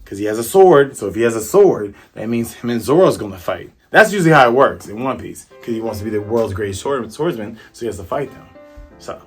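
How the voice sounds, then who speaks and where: A man with a husky, slightly grainy voice, hosting his own comic review show. He retells each scene with lively, playful sound effects and then talks it over casually, at an ordinary middle pitch. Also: a little fast, soft background music. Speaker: manga review host. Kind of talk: casual chapter recap and commentary.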